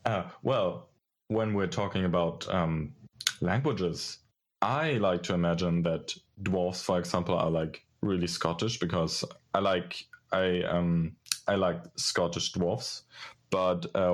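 A man with a German accent, a native German speaker, chatting casually about games, hesitant and full of fillers. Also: low-pitched. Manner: thoughtful, hesitant with many fillers. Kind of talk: casual chat.

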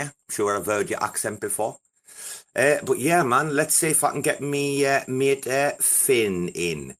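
A young man with a fairly low voice hosts a loose, unscripted crypto chat show. He rambles and swears constantly, with excitable banter aimed at his listeners. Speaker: host of a crypto breakfast show. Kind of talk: casual live audio chat.

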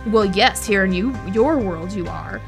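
A woman reading aloud as a cruel, menacing male werewolf, speaking slowly and tauntingly. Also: medium pitch, animated, gravelly, over music.

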